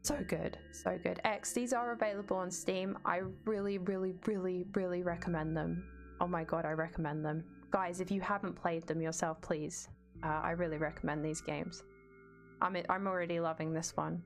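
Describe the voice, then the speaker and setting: A woman's voice: lowish voice, fairly even intonation, normal speed, soft background music. A woman streaming a game, chatting casually with viewers and reading the game's narration aloud.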